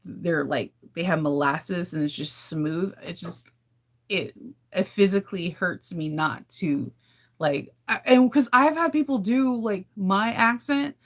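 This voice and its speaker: Her voice is on the low side and expressive, delivered at a measured pace. This California woman runs a relaxed livestream, talking openly with her live viewers and laughing a lot.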